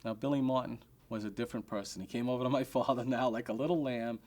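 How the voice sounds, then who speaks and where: A man, a restaurant owner telling an anecdote in an animated way and acting out the quotes. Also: mid-range voice, quick pace.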